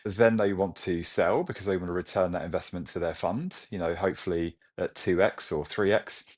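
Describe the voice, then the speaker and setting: A man in his forties from Britain, a company chief talking with animated enthusiasm in a business interview. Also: low-pitched, fairly quick. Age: 40s. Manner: enthusiastic, animated storytelling with laughs. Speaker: CEO guest.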